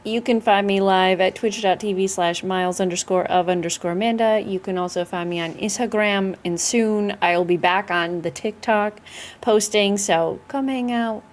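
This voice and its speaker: A woman's voice: mid-range voice, moderate pace. Bubbly giggling woman guest. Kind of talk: casual chat.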